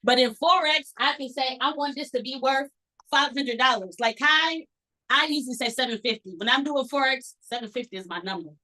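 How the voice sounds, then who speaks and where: Bright high-voiced woman teaching trading. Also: brisk, poor audio. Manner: animated, acts out her own past thoughts. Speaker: trading instructor. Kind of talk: casual teaching talk.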